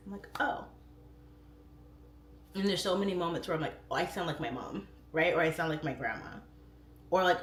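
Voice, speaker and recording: A middle-aged woman hosting a livestream, rambling casually and swooping into high voices when she quotes herself. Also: a little fast, roomy sound, a little hiss or hum. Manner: chatty, rambling, warm-hearted talk with frequent "like" fillers. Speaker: livestream host. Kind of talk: casual chat. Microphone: phone or webcam.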